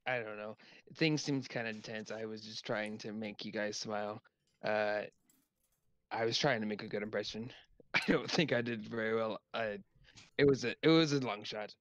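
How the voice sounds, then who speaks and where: A man's voice: fairly low pitch, steady tone, normal speed, fairly bright tone, dry recording. Man playing a nervous character, dull dry mic. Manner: nervous, apologetic, laughing. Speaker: player. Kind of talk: in-character tabletop role-play.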